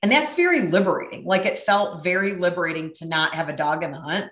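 A middle-aged woman telling a brash, profane, animated story in casual chat. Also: on the low side, fast, roomy sound.

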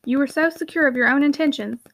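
A woman's voice: high voice, quick pace, a bit bright, no echo. A woman voicing a reserved, brooding young male mill owner in a storybook reading, giving curt, guarded replies. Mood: wry.

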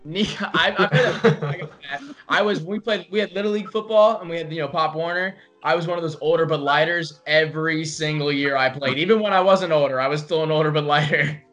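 A man's voice: fairly high pitch, brisk, hardly any pauses, a bit bright, faint music behind. A young man co-hosting a podcast, talking eagerly and rambling, often correcting himself mid-sentence. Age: young adult. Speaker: podcast co-host. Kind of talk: casual podcast chat.

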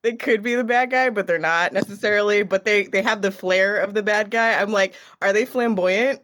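A woman's voice: mid-range voice, steady tone, fairly quick, a bit bright. Bubbly, dramatic woman cosplayer. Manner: bubbly and dramatic, laughs a lot. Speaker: cosplayer guest. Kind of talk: casual chat on a live stream.

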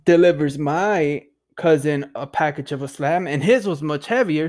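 A man's voice: on the high side, moderate pace, few pauses, a little mellow. A young man hosting a podcast, telling a rambling story in a loose, profane way, full of fillers and "dude". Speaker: podcast host. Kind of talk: casual storytelling.

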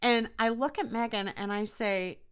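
A woman's voice: fairly high pitch, moderate pace, clear, resonant tone. A young woman hosting a podcast, telling a personal ghost story in a chatty way with many fillers. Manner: chatty, animated retelling with frequent fillers. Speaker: podcast host. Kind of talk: casual storytelling.

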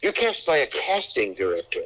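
Older comedian guest, rambling storyteller with a lively, bouncing voice. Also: male voice, medium pitch, moderate pace, poor audio. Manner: rambling storyteller, acts out voices in quotes, many restarts. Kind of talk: casual anecdote telling.

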